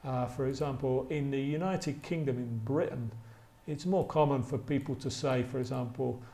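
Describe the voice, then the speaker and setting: A man teaching an English grammar lesson, repeating example sentences slowly and stretching them out for emphasis. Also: medium pitch, fairly even intonation, creaky, dark tone, echoey room. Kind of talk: slow, deliberate grammar lesson with spoken examples.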